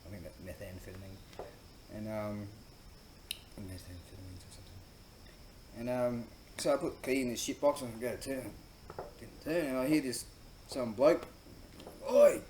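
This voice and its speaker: An Australian host rambles through a profane story in a casual monologue, laughing at himself and leaning on fillers. His voice is on the low side and darkish, at a moderate pace, in an echoey room with faint ambient noise.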